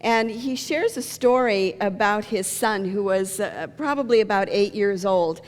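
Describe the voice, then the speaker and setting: A woman pastor giving a sermon, telling funny stories and jokes in a lively storytelling manner. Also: medium pitch, measured pace. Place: church sanctuary. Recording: long reverb of a church hall.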